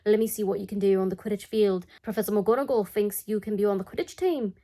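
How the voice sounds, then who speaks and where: A woman voicing a young male sports captain in a put-on British accent, talking in brisk, commanding bursts. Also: medium pitch, dark tone, close to an everyday voice.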